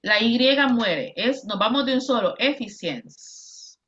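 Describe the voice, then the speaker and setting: Bilingual woman teacher drilling pronunciation on a video call; bright, slightly high voice, dull lo-fi sound. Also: a little hiss or hum. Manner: drills words slowly, switches between English and Spanish. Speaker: English teacher. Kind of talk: online class instruction.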